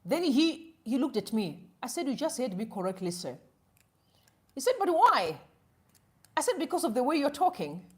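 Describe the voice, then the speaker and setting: A woman hosts an opinionated live stream in a high, lively voice that swoops up and down. She tells stories by playing both sides of a conversation and drops Shona phrases into her English. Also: a little fast. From Zimbabwe. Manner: animated storytelling, acting out both sides of a conversation.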